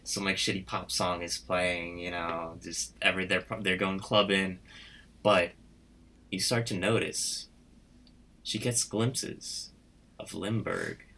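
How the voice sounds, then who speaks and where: A man's voice: low voice, fairly even intonation, takes it slowly, gravelly, sharp tone. A man casually retelling a story idea to friends, rambling and full of "like" as he acts out the characters' lines. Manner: rambling, full of "like" and quoted voices.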